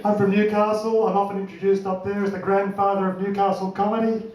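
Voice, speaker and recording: A man's voice: high-pitched, level tone, a little mellow, distant mic, some chatter behind. An older Australian man doing a wry, swearing stand-up comedy set on a club stage. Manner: wry, swearing, does quick voices for others. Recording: roomy club sound from afar, audience.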